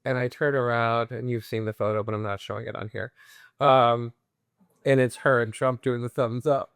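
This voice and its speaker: A man's voice: medium pitch, moderate pace, clear, resonant tone, dry recording, studio quality. A young man telling a long anecdote in casual chat, quoting people in voices. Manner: animated anecdote-teller, quoting others in voices. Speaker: guest.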